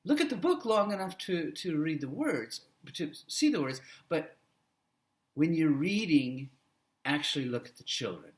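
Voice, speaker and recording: A man training future teachers, giving a classroom lecture and demonstrating how to read aloud to children with a coaching manner. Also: fairly high pitch. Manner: slow, animated, coaching tone with vocal demos.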